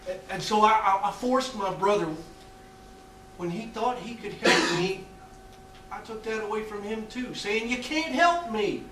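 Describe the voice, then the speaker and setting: Man delivering a halting stage monologue. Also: high-pitched, steady tone, noisy background. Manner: halting, confessional storytelling. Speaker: stage actor playing a death row inmate. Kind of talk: theatrical monologue. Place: small theatre stage. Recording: roomy theatre sound from a distant mic.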